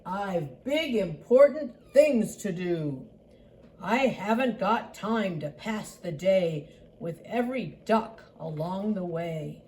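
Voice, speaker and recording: A woman's voice: mid-range voice, lively intonation, slow, dark tone, a little hiss or hum. An older woman voicing a big, self-important dump truck in a storybook reading. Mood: pompous.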